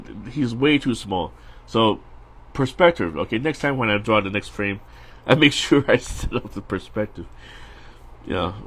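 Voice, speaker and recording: A middle-aged man with a slightly husky voice talks in a loose, rambling way as he sketches. His pitch swings widely, rising when he gets excited and dropping when he mutters to himself, and he often restarts his sentences. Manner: chatty and rambling, with many restarts, fillers and laughs. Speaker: storyboard artist streaming a live drawing session. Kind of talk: casual rambling chat while drawing.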